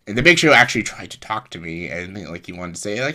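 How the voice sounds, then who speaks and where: A young vlogger rambles through a personal story casually, full of fillers, restarts and self-corrections. His voice is fairly low, sing-song and bright, delivered fast and forcefully with hardly any pauses.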